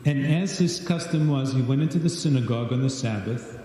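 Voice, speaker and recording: A man's voice: mid-range voice, a little fast, warm tone, slight background noise. Man teaching in an echoey church. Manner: asks questions and reads scripture aloud. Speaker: Bible study teacher. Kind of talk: teaching a Bible study. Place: large church hall. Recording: distant echoey church livestream.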